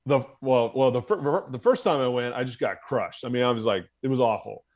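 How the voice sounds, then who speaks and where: A man's voice: mid-range voice, brisk, darkish tone. A man from the United States, a former Marine officer, telling his story as a podcast guest in a candid, profane way and laughing at himself. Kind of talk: casual storytelling in conversation.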